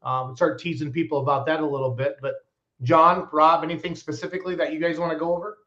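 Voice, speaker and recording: A man's voice: fairly high pitch, fast. A man hosting a live stream from his home, chatty and upbeat as he reads out viewer comments. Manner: upbeat, chatty, lively promoter. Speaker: host of a live pulling show stream. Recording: dull lo-fi stream audio.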